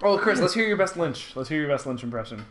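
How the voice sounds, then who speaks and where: A man's voice: a little high, fast talker. A man co-hosting a gaming podcast, teasing his friends and chatting casually as they play. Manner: teasing, playful, yelps when excited. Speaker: podcast co-host.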